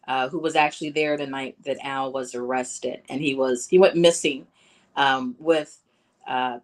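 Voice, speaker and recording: Woman, middle-aged, very low voice, from Chicago, personal testimony, halting, close to tears. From Chicago, USA. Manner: halting, emotional, many fillers. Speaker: bereaved mother speaking at a town hall.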